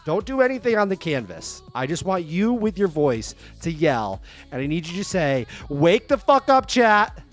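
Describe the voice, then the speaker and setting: A man live streaming and chatting to his viewers, excitable and stammering through restarts. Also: fairly high pitch, moderate pace, soft background music. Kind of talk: casual live stream chat.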